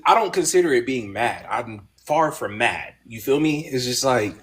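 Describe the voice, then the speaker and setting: A man hosting an online panel, talking casually, swearing and sometimes breaking into exasperated high-pitched outbursts. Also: lively intonation, moderate pace, a bit bright. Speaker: panel host.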